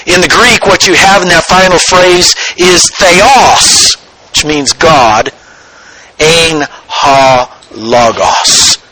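A man preaching a sermon in a church, slow and deliberate, building to excited emphasis. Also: a little high, rough recording. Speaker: pastor.

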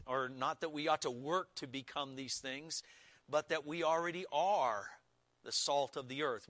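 A man preaching a sermon as pastor, slow and deliberate, stressing key words with emphatic repetition. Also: mid-range voice, bright, forceful tone, no room sound.

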